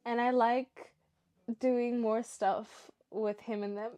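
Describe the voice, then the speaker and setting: A woman's voice: fairly high pitch, level tone, slow pace, warm tone, smooth. A young woman reading stories aloud for her show and breaking off into emotional, chatty reactions. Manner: emotional, chatty asides between read passages. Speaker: story reaction host.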